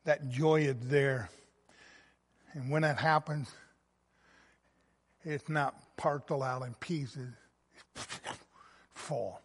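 A man preaching a sermon, reading scripture and stressing words with rising passion, swinging between soft and loud. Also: fairly high pitch. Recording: long reverb of a hall.

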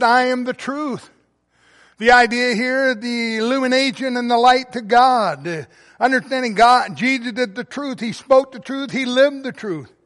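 A man's voice: very high-pitched, a bit bright. A man preaching a sermon, explaining scripture verse by verse and reading quotations with earnest emphasis. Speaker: pastor. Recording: long hall reverb.

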